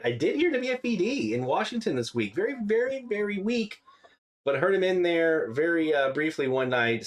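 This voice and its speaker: Casting: easygoing male live stream host, mid pitch, relaxed chatter full of uhs and ums. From Louisiana. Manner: relaxed, chatty, many fillers. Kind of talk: casual live stream commentary.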